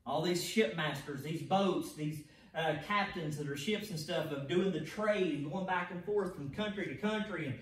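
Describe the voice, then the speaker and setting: In a church sanctuary, a pastor with a somewhat high voice preaches an emphatic evening sermon at normal speed, often repeating words and restarting phrases. The recording is echoey and heard from a distance.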